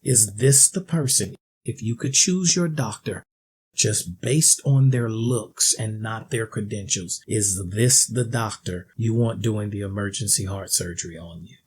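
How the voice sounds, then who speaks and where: A man's voice: lowish voice, unhurried, slightly rough. Blunt, sarcastic male commentator. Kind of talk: ranting video commentary.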